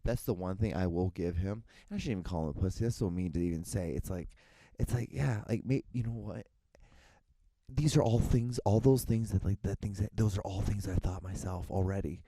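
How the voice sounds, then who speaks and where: Young guy rambling on his solo podcast, swears a lot, lowish mellow voice. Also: brisk. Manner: rambling, restarts often, swears casually. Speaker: podcast host.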